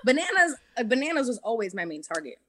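A woman guest on an interview, telling her story in an animated way and acting out what she and others said. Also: a little high, quick pace, dry recording. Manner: animated storyteller who acts out what people said. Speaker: reality show contestant guest. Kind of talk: casual interview chat.

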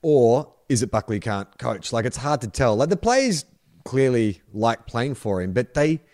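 A man co-hosting a casual sports podcast, chatty and animated, quick to laugh. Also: medium pitch. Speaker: podcast co-host.

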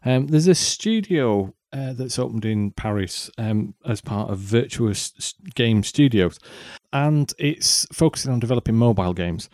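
A man co-hosts a podcast, chatting casually with lots of ums and restarts. His mid-range, darkish voice is animated yet measured, with hardly any pauses, in a dry, clean studio recording.

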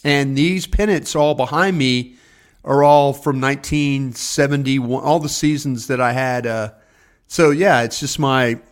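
A mid-range male voice, unhurried and measured. The speaker is an older man, once a scout, rambling through casual stories from his home office over a video call and voicing other people's lines as he quotes them.

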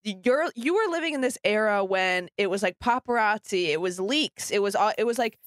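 A woman hosting a casual chat, reacting often with laughs and quick asides. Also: medium pitch, expressive, no echo, clean studio sound.

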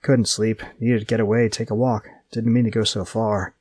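A man's voice: lowish voice, flat delivery, moderate pace, a little mellow, husky, no room sound. A man voicing a guilty dying young man who speaks weakly in broken short phrases. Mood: weak, pained.

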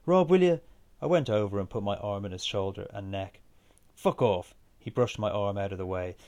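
A man reading a first-person story aloud in a steady, measured way. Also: on the low side. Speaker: narrator.

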